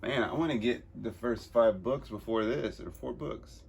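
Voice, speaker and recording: Laid-back husky comic reader. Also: male voice, medium pitch, moderate pace. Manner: laid-back, rambling asides. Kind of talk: casual comic book reading commentary.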